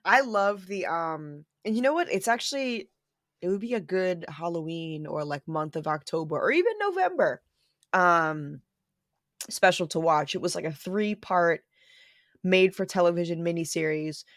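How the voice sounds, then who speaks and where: A woman co-hosting a podcast over a video call, animated and swearing freely. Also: fairly low pitch, dry recording, clean studio sound. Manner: animated, swearing, quick reactions. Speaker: podcast co-host. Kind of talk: casual chat.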